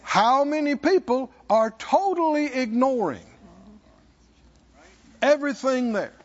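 A man preaches in a high voice. He takes his time and leans hard on key words, stopping to ask the congregation for answers. The recording is dull and lo-fi. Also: expressive. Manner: call-and-response preaching, slows for emphasis. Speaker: pastor. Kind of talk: sermon.

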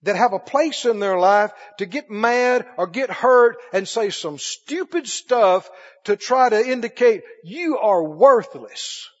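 A male preacher giving a sermon, emphatic and swinging between loud and hushed. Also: high voice, animated, slow pace. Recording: dull echoey hall recording.

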